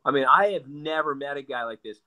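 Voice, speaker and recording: Blunt, sarcastic man with a bright voice. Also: medium pitch, fairly quick. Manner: blunt, sarcastic, repeats himself. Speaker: guest. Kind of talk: animated political talk.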